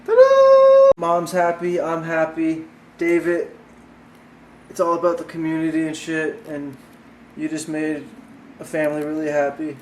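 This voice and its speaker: A man's voice: on the high side, completely flat delivery, moderate pace, long pauses, background noise. A Canadian man vlogging outdoors in a backyard, hyped and swearing, coaxing a bird. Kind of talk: excited casual vlog.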